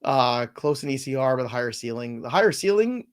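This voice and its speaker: A man co-hosting a fantasy football show in casual chat, excitable and emphatic, prone to ranting. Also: mid-range voice, clear, resonant tone. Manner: excitable, emphatic, quick to rant.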